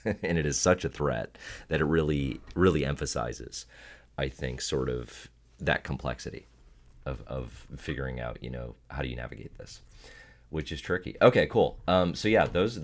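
Male podcast host, very deep voice, rambling questions. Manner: halting, filler-heavy questions. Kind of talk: casual interview questions.

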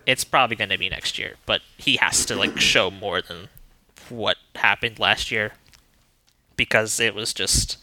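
Man, lowish voice, very bright and sharp, upbeat, casual chat. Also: dry recording. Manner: upbeat, quick laughs, loose phrasing.

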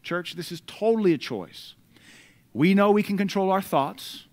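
A man with an American accent preaching a sermon, reading scripture aloud with loud emphatic bursts and dropping into conversational asides between the verses. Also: high voice, moderate pace.

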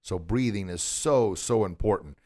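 In a lowish, slightly mellow voice at normal speed, a podcast host who teaches martial arts coaches his listener from a recording studio, using a studio microphone. He stays upbeat and encouraging, asking questions and praising the answers he gets.

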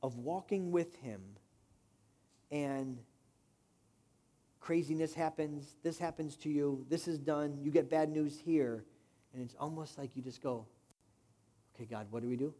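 A pastor delivers his sermon in a conversational, direct manner, often turning to the congregation with questions. His man's voice sits a little high yet sounds soft and mellow. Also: measured pace, pauses often.

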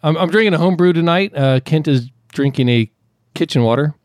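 A man's voice: fairly high pitch, fairly quick, no echo, studio quality. A man hosting a casual podcast with a friend, joking around, swearing freely and rambling. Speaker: podcast host.

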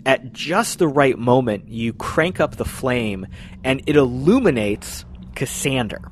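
A man's voice: medium pitch, expressive, unhurried, a little hiss or hum. A man narrating as game master in a tabletop game, describing scenes unhurriedly.

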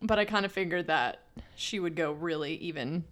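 A woman's voice: fairly low pitch, moderate pace, a bit bright. A young woman co-hosting a podcast in casual chat, talking in a chatty way with many fillers and restarts. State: pregnant. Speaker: podcast co-host.

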